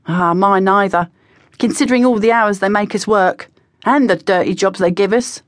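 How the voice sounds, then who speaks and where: A woman's voice: mid-range voice, moderate pace, no echo, studio quality, natural voice. A woman voicing a cocky, slangy teenage boy spy who talks in a breezy, conspiratorial way. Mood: sly. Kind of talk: audiobook character voice.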